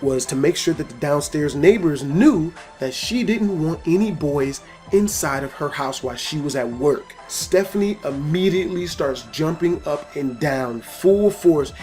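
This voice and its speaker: A man's voice: fairly high pitch, a little slow, soft background music. A man telling a personal story in a casual vlog, swearing often and acting out the scenes. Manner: profane, animated storytelling. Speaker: storytelling video host.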